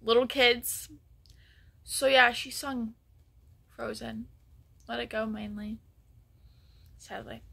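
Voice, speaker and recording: A woman's voice: fairly high pitch, steady tone, slow, vocal fry, pauses often, sharp tone. A woman telling a story in a casual vlog, rambling with many ums and restarts and sometimes dropping to a near whisper. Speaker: vlogger.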